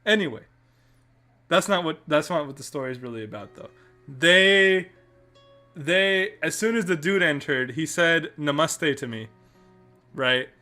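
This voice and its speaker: A Canadian man hosts a casual podcast, his bright, forceful voice sitting a little high for a man. He tells a story in a rambling way, restarting sentences and leaning on fillers, with faint music in the background. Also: animated, unhurried, long pauses. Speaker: podcast host. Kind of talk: casual chat, telling a travel story.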